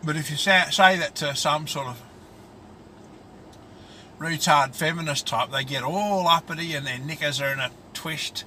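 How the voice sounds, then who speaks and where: A man's voice: a little high, moderate pace, pushed and bright, a little hiss or hum. An Australian man vlogging in a casual, rambling monologue, crude and colloquial, talking from his car.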